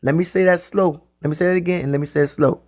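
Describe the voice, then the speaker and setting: A man giving a spiritual talk in the style of a sermon. He speaks emphatically and repeats his phrases, sometimes drawing them out slowly. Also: fairly high pitch, fairly even intonation, darkish tone. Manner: repetitive, emphatic, drawn-out phrasing. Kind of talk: preaching monologue.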